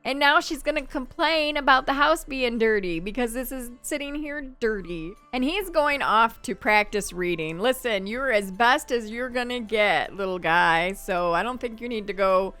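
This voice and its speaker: A woman's voice: a little high, animated, normal speed, few pauses, a bit bright, smooth, soft background music. A woman giving casual let's-play commentary, chatting to the game characters as she plays. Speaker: gameplay commentator.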